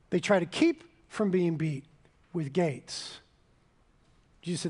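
A man preaching a sermon as pastor, swinging between loud proclamations and hushed, intense passages, slowing down to stress key phrases. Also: high-pitched, big pitch swings.

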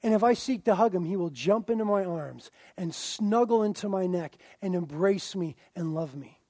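A young man delivers a sermon in a strikingly high voice. He mixes playful asides with forceful, emphatic preaching. The sound is dry and close, with no room echo. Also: normal speed. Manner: animated, jokey asides, rising to loud emphatic preaching. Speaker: pastor.

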